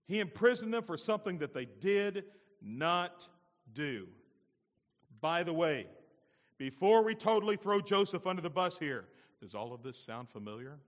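A male pastor preaches with a lively, swinging voice that sits on the high side. He keeps firing questions at his congregation. His words ring out with a long reverb through the church. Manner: animated, asks the congregation questions. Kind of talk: sermon.

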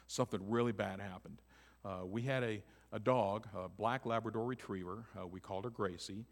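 A man preaching a sermon. His delivery swings between loud emphatic lines and hushed, near-whispered ones. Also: on the low side, a little fast. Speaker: pastor. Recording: long hall reverb.

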